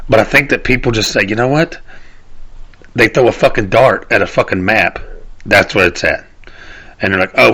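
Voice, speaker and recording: A man with a fairly low, sharp-toned voice hosts a casual rant show as a podcast host. He rambles through a monologue, cursing and laughing at his own stories.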